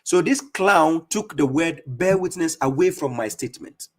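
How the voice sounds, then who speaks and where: A man giving scolding religious commentary on a live stream, mocking opponents and reading verses slowly. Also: a little high, expressive. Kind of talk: preaching commentary on played clips.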